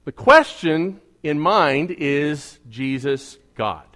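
A man preaching a storytelling sermon in a slightly raised pitch. He talks to the congregation conversationally, checking in with them. He drops to quiet asides, then pushes out emphatic lines. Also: animated, very slow. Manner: swings between quiet asides and emphatic bursts. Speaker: evangelical pastor.

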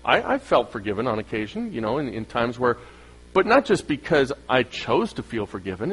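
A man preaching to his congregation, his voice sitting a little higher than most men's. He keeps asking the room rhetorical questions and slips into the voices of imagined listeners, with animated rises and drops in emphasis. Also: slightly rough, poor audio. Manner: acts out quoted voices of listeners. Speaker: pastor. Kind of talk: sermon.

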